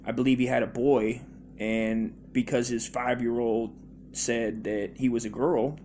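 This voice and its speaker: A man's voice: medium pitch, steady tone, a little slow, darkish tone, a little hiss or hum. Profane rambling male comic. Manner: rambling, profane, many fillers and restarts. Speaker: comedy podcast host. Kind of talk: rambling profane comedy monologue.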